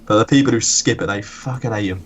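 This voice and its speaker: A man's voice: lowish voice, highs cut off, a crowd in the background. A young man rattling off sweary school stories in casual chat. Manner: quick profane storytelling. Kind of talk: casual chat while gaming.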